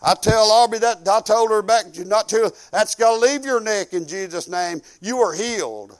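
An older man with a drawl and a strikingly high voice preaches a sermon at normal speed. He drives home points by repeating them and adds folksy storytelling asides, acting out small quoted conversations along the way.

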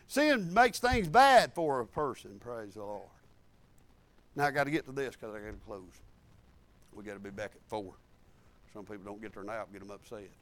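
Guy preaching, high voice that jumps all over, folksy storyteller, dry sound. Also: no echo. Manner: folksy storytelling, animated, acts out quotes. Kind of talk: sermon.

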